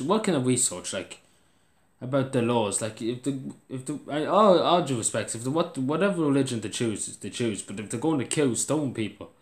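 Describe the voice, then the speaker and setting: A man's voice: mid-range voice, reverberant. A young Irish man venting in a casual vlog, tired and restless, who keeps restarting his sentences and climbs into exasperated outbursts. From Ireland. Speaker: vlogger.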